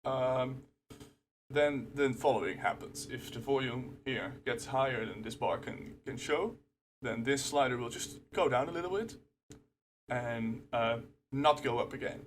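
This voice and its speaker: A man making a casual screen-recorded rant about a software bug, growing louder and more emotional as he talks into his desktop microphone. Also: medium pitch, a little slow, slight background noise. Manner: frustrated, grows louder and emotional. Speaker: software user ranting. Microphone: desktop computer microphone.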